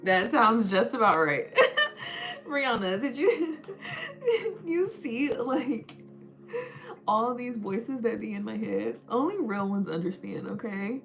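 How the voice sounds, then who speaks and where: A woman's voice: on the high side, very animated, slow pace, gravelly, soft background music. A young woman hosting a casual livestream, chatting and giggling as she answers her viewers.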